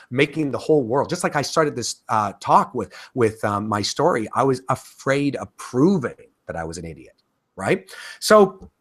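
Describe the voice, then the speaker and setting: Animated man teaching a course. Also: mid-range voice, breathy edge. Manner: animated, talkative, frequent fillers and restarts. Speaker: course instructor. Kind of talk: casual spoken lecture.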